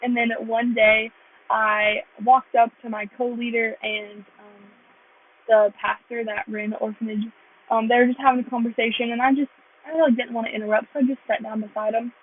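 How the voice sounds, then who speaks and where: Young woman, husky, tinny phone sound. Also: fairly high pitch, level tone, brisk. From United States. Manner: earnest, rambling, heavy use of "like". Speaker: vlogger sharing her testimony. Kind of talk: casual faith testimony.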